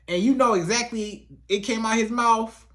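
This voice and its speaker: A man's voice: extremely high pitch, moderate pace, fairly bright tone. Man giving repetitive, emphatic relationship advice. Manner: repetitive, emphatic, acts out quoted lines. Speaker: relationship coach. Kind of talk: casual advice monologue to camera.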